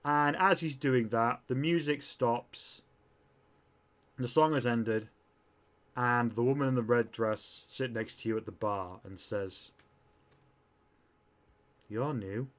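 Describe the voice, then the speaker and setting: A man narrating as game master in a tabletop role-playing game, with a relaxed, chatty delivery. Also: mid-range voice, unhurried.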